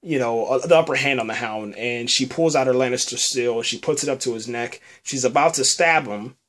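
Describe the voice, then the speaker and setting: A man's voice: mid-range voice, brisk, a bit bright. A man hosting a podcast, recapping a TV episode in a loose, rambling way, full of fillers and repeated words. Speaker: podcast host reviewing a TV episode. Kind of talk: casual spoken review.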